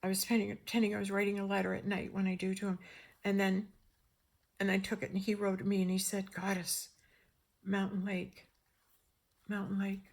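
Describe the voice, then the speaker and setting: Woman, gravelly voice, animated storytelling, frequent restarts, acts out quotes. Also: medium pitch, a little fast, pauses often. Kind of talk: personal storytelling.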